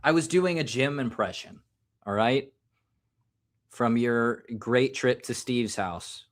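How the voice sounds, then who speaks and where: A man's voice: medium pitch, takes it slowly. An American man rambles through a live stream, cracking jokes at his own expense. His talk is loose and casual, like someone having a drink on air. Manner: joking, rambling, self-mocking.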